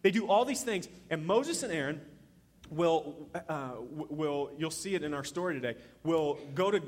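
A man preaching a sermon as pastor, telling the story in an animated way and acting out the voices he quotes. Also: fairly high pitch, normal speed, big-room sound.

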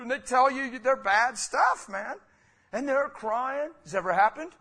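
A male pastor delivering a sermon in a high, bright voice. He preaches with passion but keeps it conversational and speaks directly to his congregation. His tone is crisp and forward. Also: lively intonation, moderate pace.

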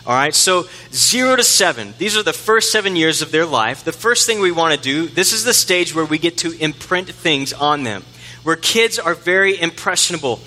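A man's voice: fairly high pitch, expressive, normal speed, pushed and bright, faint music behind. A middle-aged man preaching a conversational, self-deprecating sermon in a church, acting out the voices he quotes. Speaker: pastor. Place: church sanctuary. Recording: long hall reverb.

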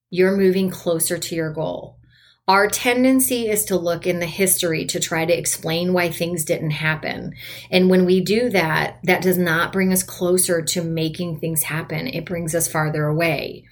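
A woman's voice: on the low side, normal speed. Upbeat chatty woman in her forties. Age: 40s. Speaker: podcast host and coach. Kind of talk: solo motivational podcast talk.

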